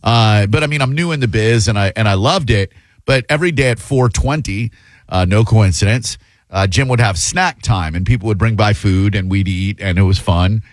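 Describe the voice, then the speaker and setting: A man's voice: lowish voice, normal speed, no echo. A man in his fifties filling in as a talk radio host, telling rambling, self-deprecating stories with plenty of fillers. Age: 50s. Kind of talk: casual radio chat and storytelling. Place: radio studio. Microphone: studio broadcast mic.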